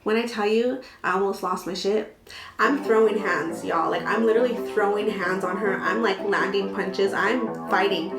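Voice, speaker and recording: A young woman tells a wild personal story straight to camera, animated and dramatic, swearing freely. Her voice sits in the middle of a woman's range. The room around her is echoey. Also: medium pitch, moderate pace, loud music behind the voice. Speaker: vlogger. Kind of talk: storytime vlog.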